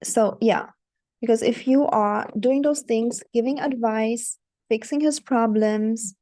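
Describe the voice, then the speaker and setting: A dating coach speaks directly to her viewers in a fairly high, dark-toned voice at a slow pace. Her coaching monologue is instructive and repetitive, with frequent "okay?" check-ins and repeated warnings of "don't do it."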